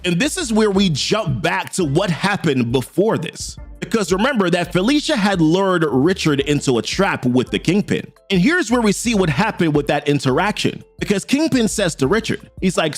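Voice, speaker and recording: A man's voice: high voice, big pitch swings, normal speed, hardly any pauses, faint music behind. A man casually retelling a comic book story, acting out each character's lines as he goes. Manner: chatty, acts out every character's lines. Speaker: comic book recap host.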